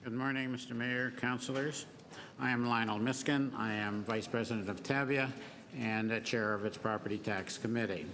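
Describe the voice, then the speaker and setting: A man giving a formal prepared deputation to a council committee, listing his points one by one in a measured way and quoting from a report. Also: medium pitch, steady tone, a bit bright. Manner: measured, enumerating points, reading quotations. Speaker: business association deputant. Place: large council chamber. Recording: long-reverb council chamber with faint noise.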